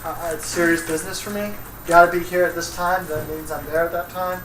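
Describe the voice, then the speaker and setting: Hoarse male teacher, wry and exasperated, echoey classroom, distant camera mic, steady room hiss. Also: on the high side, fast talker. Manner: joking, exasperated. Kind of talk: classroom vocabulary lesson.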